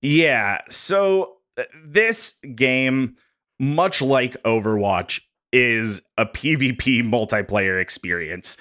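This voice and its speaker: A man on a podcast walking co-hosts through prepared bullet points in a jokey, animated way. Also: medium pitch, takes it slowly, clean tone. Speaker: podcast host presenting research. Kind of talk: casual podcast chat.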